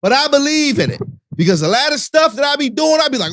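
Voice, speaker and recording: High, lively-voiced radio host. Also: male voice, fast talker, dry recording, studio quality. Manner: animated, preachy, conversational with slang. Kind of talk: casual radio talk.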